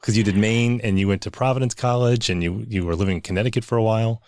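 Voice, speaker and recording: Male podcast host, rapid and chatty, lowish voice, dry close sound. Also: fairly even intonation, a little mellow, dry recording. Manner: chatty, quick, self-interrupting. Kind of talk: casual interview.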